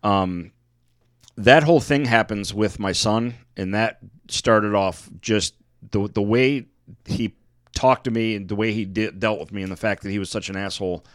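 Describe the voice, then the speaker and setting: A man's voice: on the low side, moderate pace, no echo, studio quality. A man in casual podcast chat, telling a profane story about a past job. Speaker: podcast co-host.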